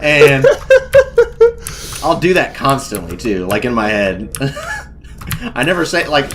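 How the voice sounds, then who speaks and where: A man's voice: medium pitch, sing-song, measured pace, very noisy. A young man co-hosting a podcast, telling rambling stories with bursts of mock ranting and heavy swearing. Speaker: podcast co-host. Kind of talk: casual chat.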